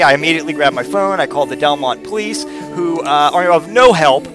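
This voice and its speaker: A man's voice: a little high, a little fast, few pauses, over music. Rambling, cursing man in his thirties. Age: 30s. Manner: rambling, profane, repeats words. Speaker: storyteller. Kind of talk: casual personal storytelling.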